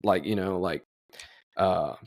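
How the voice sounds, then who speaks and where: A young man with a low voice speaks slowly as a podcast co-host in casual chat. While telling stories, he acts out phone calls with his clients.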